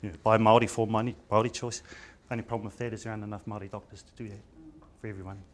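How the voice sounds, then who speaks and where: Chatty New Zealand doctor telling stories. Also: male voice, fairly low pitch, flat delivery, very fast, a little hiss or hum. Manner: chatty storyteller with many restarts and stammers; mixes in Māori words. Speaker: general practitioner giving a seminar talk. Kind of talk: informal conference presentation.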